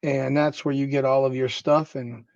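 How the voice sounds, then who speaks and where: A man's voice: mid-range voice, flat delivery, moderate pace, vocal fry, a little mellow, dry recording. Offhand man rattling off names. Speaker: card-breaking host. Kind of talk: casual card-opening commentary. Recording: dry, slightly dull recording.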